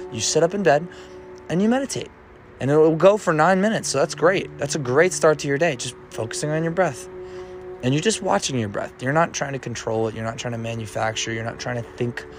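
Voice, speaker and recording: A man hosting a motivational self-help podcast, talking in a casual, playful coaching way. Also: a little high. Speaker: podcast host.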